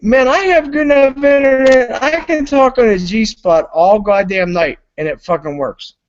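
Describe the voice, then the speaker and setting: A man's voice: very high-pitched, moderate pace, a little hiss or hum. An intoxicated man hosting a live stream, rambling loosely and swearing constantly. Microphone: computer mic on a live stream. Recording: lo-fi online stream audio.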